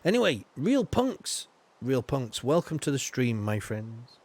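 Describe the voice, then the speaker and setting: A man's voice: medium pitch, sing-song, unhurried, a little mellow, no echo. A man streaming a game live, chatting loosely with viewers, greeting them by name and filling his talk with ums and you-knows. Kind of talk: live gameplay commentary.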